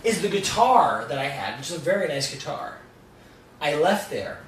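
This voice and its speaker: A man's voice: on the high side, big pitch swings, a little fast. Young guy swearing his way through a gig story, voice bouncing all over, roomy echo, a bit of hiss. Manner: rambling, swearing, laughing storyteller. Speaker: guest songwriter. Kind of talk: casual storytelling. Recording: roomy, distant mic with faint noise.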